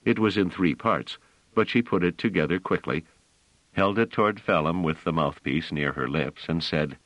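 A man narrating an audiobook in a measured, expressive storytelling manner. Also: low voice, no room sound, rough recording.

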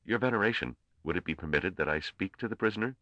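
A man reading an audiobook voices a male trader who pleads in a quiet, careful, formal way. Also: deep voice, animated, fast talker, no echo, lo-fi sound, voice pushed up. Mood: pleading. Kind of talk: audiobook character voice.

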